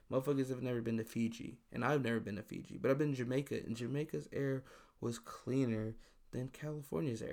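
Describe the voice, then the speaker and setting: A man's voice: mid-range voice, warm tone. A man hosting his own podcast, talking alone in a loose, profane, exasperated rant. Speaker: podcast host. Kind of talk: casual solo podcast monologue.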